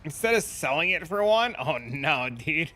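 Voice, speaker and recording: A man's voice: fairly high pitch, sing-song, moderate pace, sharp tone, faint music behind. A young man streaming a game, chatting loosely with viewers in slangy, casual talk. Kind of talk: casual live-stream chat.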